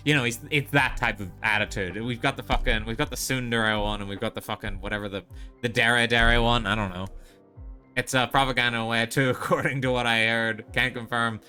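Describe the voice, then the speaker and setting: A man's voice: mid-range voice, steady tone, brisk, sharp tone, faint music behind. A male streamer in casual live-stream chat, rambling and opinionated with frequent swearing.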